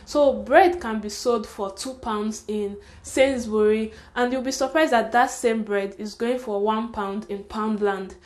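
Young woman, Nigerian accent, higher voice, fast and chatty, frank advice, casual vlog. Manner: chatty, fast, frank, with frequent laughter and "sha". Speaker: vlogger.

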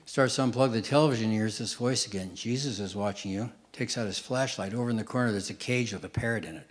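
An older man doing stand-up on stage, telling quick deadpan one-liners to a live audience. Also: lowish voice. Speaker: stand-up comedian. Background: audience laughter.

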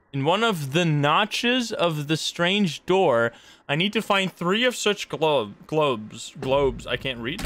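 A man streaming a horror game live, reacting jumpily with excitable, swearing commentary. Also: a little high.

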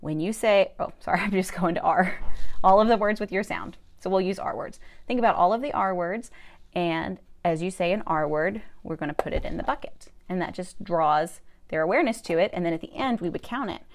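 A woman's voice: lowish voice, brisk. A young adult woman, a speech therapist, explaining a classroom activity step by step in an upbeat, chatty way with some fillers. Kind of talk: instructional video demonstration.

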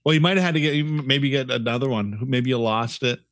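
A man's voice: medium pitch, brisk, a bit bright, no echo. A man in his fifties, a former radio broadcaster, telling profane, rambling stories while co-hosting a podcast. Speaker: podcast co-host. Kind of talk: casual chat.

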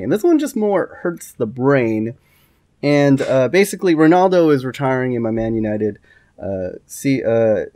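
A man hosting a loose, casual podcast chat at a middle pitch. He talks in an animated way and swears casually. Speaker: podcast host.

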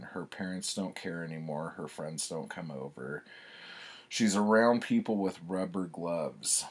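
Low husky man, slow wry reading. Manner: wry, self-mocking, laughs at his own writing. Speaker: author reading his childhood writing. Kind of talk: casual reading and commentary.

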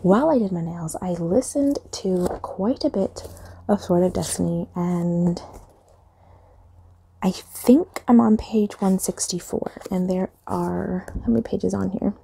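A woman's voice: on the low side, unhurried, gravelly, dark tone, a little hiss or hum. A young woman chatting casually in a rambling vlog, trailing off with fillers as she talks. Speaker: reading vlogger. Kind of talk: casual chat.

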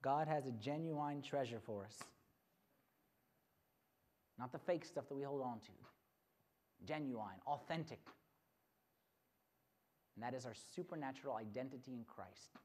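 A retreat speaker preaches through a story, lively and animated, acting out each character. The talk stays energetic and direct with the gathered crowd. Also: mid-range voice, unhurried, long pauses. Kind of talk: storytelling sermon.

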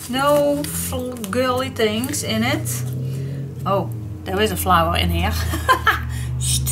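A middle-aged woman with a Dutch accent hosting a paper craft vlog, gushing and excitable, often repeating her delight. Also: fairly high pitch. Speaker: paper craft channel host.

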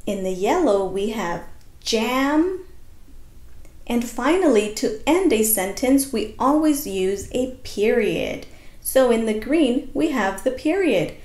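A woman teaching a kindergarten class, stretching her words out very slowly and praising often. Her fairly high voice swoops up and down with lots of expression. The recording has a noticeable room echo. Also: lively intonation, a little mellow. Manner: slow, drawn-out words for young children, praising and encouraging. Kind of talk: virtual class lesson and picture-book read-aloud.

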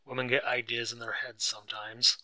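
A domineering, sneering husband who barks his lines, played by a man reading aloud. The voice is very bright and forceful. The recording is dry and close. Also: mid-range voice, little pitch movement, a little fast, no echo, rough recording. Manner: loud, barking, sneering. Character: angry, domineering rich husband.

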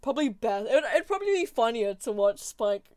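A young woman with a fairly high voice chats loosely on a live stream, laughing often as she reads and answers her viewers. She is close to the mic in a dry room with no echo. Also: big pitch swings, brisk, a little mellow. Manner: giggly, laughs often, chatty, reacts to chat. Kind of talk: casual live-stream chat while gaming.

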